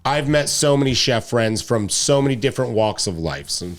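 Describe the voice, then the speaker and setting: Chatty chef from Detroit, laughs often. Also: male voice, mid-range voice, lively intonation, moderate pace. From Detroit, USA. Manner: laughs often, trails off and restarts sentences. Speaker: chef, podcast guest. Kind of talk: casual chat.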